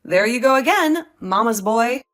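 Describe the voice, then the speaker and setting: A woman's voice: fairly high pitch, animated, normal speed, a bit bright, faint music behind. A woman playing an indignant, defiant young wife. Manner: indignant, sarcastic. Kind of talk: voiced drama story.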